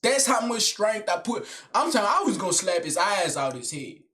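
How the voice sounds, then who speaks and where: A young man telling a story in animated, slangy street talk, full of tags like "son" and "gang", with low mumbled asides. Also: a little fast. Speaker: vlogger. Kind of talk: casual storytelling monologue.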